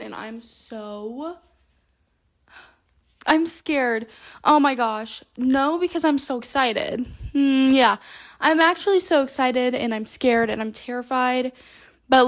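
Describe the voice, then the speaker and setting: A young woman chatting casually in a book vlog at home, bubbly and rambling, with lots of fillers, speaking into a handheld microphone. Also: fairly high pitch. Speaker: book vlogger. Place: at home, moving between rooms.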